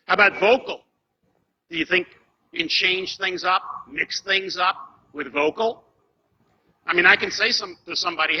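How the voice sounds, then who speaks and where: A man giving an animated seminar lecture as a trainer, putting rhetorical questions to the audience. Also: sits high, moderate pace. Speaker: corporate trainer. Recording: dull lo-fi seminar recording.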